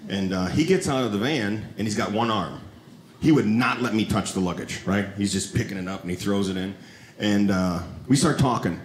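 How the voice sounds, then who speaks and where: A man doing a stand-up comedy set on a club stage, telling stories with animated delivery and high shouted quotes. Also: moderate pace, reverberant, a little hiss or hum. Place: comedy club stage before a live audience.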